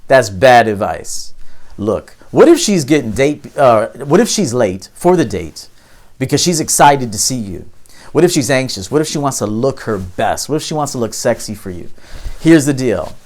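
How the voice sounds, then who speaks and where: A man who works as a dating coach, giving emphatic, preachy advice straight to camera, with loud punches and low, quiet asides. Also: sing-song, moderate pace. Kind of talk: direct-to-camera advice monologue.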